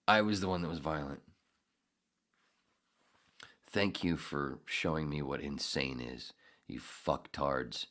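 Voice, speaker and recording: A man hosting a podcast who rants angrily and sarcastically, swearing heavily and swinging from mutters to shouts. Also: rumbling low, slow, long pauses. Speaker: podcast host. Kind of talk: ranting monologue.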